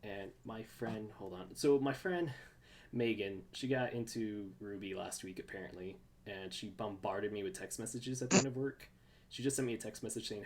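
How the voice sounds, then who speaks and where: An excitable podcast host rambles through a casual fan chat, piling up fillers and restarts. The voice sits at a middle pitch. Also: moderate pace.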